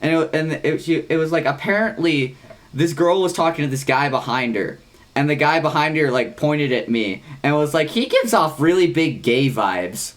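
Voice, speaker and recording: A young man co-hosting a podcast. He tells a long, rambling story in casual chat, swearing freely and saying "like" constantly, with excited jumps in pitch. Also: normal speed. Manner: rambling, heavy use of "like", frequent swearing. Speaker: podcast co-host.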